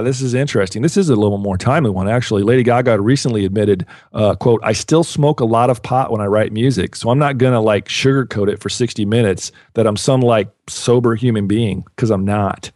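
A man's voice: mid-range voice, darkish tone, dry recording, clean studio sound. Laid-back rambling male podcast host. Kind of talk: casual chat.

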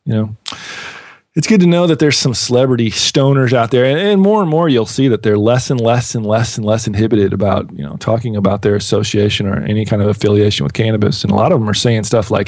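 A man's voice: fairly low pitch, fast talker, darkish tone, dry recording, clean studio sound. A man co-hosting a podcast in casual chat, rambling and laid-back, laughing often. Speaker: podcast co-host.

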